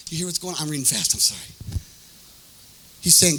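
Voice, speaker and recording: A man preaching a sermon in a sing-song, chanting cadence, acting out voices from scripture and breaking into shouts. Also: a little high, expressive, brisk, breathy edge, rough recording. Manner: acts out biblical voices in quotes. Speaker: pastor.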